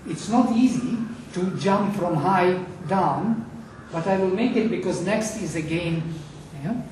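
A Sanskrit teacher with a high, slightly mellow voice chants Vedic verses slowly and passionately during a lecture. He is recorded far from the mic in an echoey room, with faint noise in the background.

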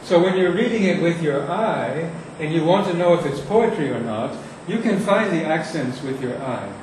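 A man teaching how to read verse aloud, reciting lines slowly and with heavy emphasis, recorded from far off in an echoey room. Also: a little high, animated, noisy background. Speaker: poetry teacher. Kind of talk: lecture on reading verse aloud.

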